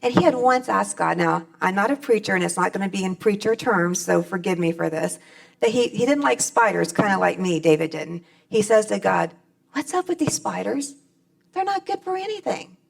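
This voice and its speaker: A woman's voice: mid-range voice, fairly quick, creaky. A middle-aged woman speaking on stage at a convention, giving a plainspoken, folksy personal testimony.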